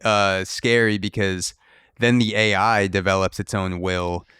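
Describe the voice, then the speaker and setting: Young guy podcasting, rambly and joking around, smooth clear voice, dry sound. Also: deep voice, little pitch movement, unhurried, fairly bright tone, dry recording. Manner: rambling, speculative, jokey. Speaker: podcast host. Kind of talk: casual chat.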